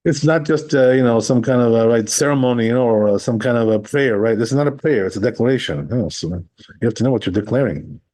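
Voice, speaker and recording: A man's voice: medium pitch, fast talker, a little mellow. A man, a rabbi, giving a conversational class on a religious text. He reads passages aloud, then explains them in plain English and keeps checking in with the listeners. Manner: explains step by step, often checking with "right?"; reads Hebrew and Aramaic text, then translates.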